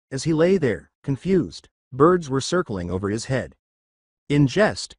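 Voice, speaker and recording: Man narrating fan fiction, lively pitch. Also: normal speed, no echo, clean studio sound. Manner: steady storybook narration. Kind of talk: fan fiction story reading.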